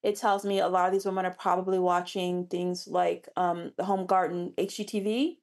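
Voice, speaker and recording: A woman's voice: lowish voice, little pitch movement, moderate pace, darkish tone. A woman romance author as an interview guest, chatting animatedly with frequent restarts. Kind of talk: casual interview chat.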